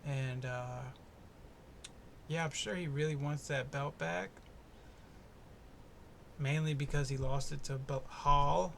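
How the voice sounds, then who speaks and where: A man's voice: a little high, fairly even intonation, slow, vocal fry, pauses often, fairly bright tone, slight background noise. A young man hosting his own podcast, talking in a laid-back, profane, rambling and jokey way. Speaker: podcast host. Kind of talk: casual solo fight-prediction podcast. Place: home in the US East Coast.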